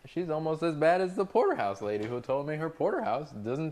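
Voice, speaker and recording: A man's voice: a little high, big pitch swings, a little fast, noisy background. A man cooking on a livestream who talks to his chat and tells exasperated, profane stories about difficult restaurant customers. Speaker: restaurant cook streaming to chat. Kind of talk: casual livestream rant while cooking.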